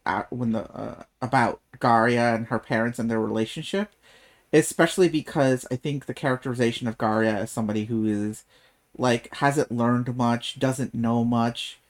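A man talks through a book's plot on a podcast in a casual, animated way. He leans on sarcasm, laughs easily and swears freely while recapping. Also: mid-range voice. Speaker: podcast co-host. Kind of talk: casual book discussion.

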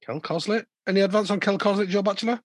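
Casting: chatty male podcast host, husky and highish, dry close mic. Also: fast, dry recording. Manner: playful quizmaster, repeats answers. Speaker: quiz host. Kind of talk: casual podcast chat.

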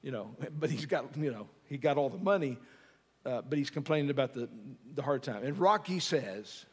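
A man's voice: medium pitch, expressive, normal speed, husky. A middle-aged man preaching a sermon in a conversational, joking way, often asking the audience questions. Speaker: pastor. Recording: long hall reverb.

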